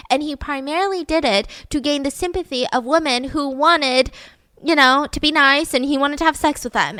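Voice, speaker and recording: A woman hosting a podcast, telling a true-crime story in a casual, animated way with lots of "like". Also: sits high, dry recording. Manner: chatty, animated, peppered with "like". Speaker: podcast host.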